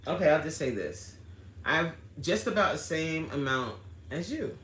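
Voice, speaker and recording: Reading viewer comments aloud and laughing often, a livestream host chats casually in a low, animated, slightly bright voice. She speaks at a measured pace in an echoey room.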